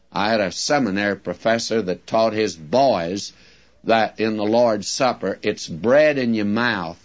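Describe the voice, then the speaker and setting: A man teaches from Scripture at a very unhurried pace, earnest and plain-spoken. His voice sits on the lower side. The old recording sounds dull and muffled. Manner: slow, earnest, plain-spoken, stresses quoted words. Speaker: Bible teacher. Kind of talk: radio Bible teaching.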